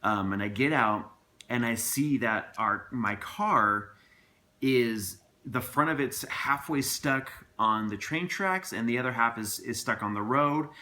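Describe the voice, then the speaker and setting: Earnest rambling man with a bright voice. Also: medium pitch, unhurried. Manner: rambling and earnest, many restarts and asides. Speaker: father telling a personal story to camera. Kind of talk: casual spoken storytelling.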